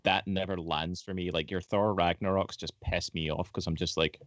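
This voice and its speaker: A man's voice: low voice, steady tone, moderate pace, dry recording. A man co-hosting a casual film podcast, rambling through his opinions with many fillers and swearing. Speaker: podcast co-host.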